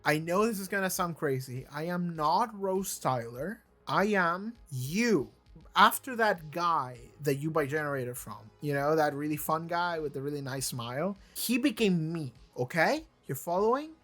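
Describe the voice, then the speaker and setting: A reaction video host talking casually and excitably, rambling and swearing often, and at times reading wiki text aloud. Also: medium pitch, moderate pace, soft background music. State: voice briefly cracking.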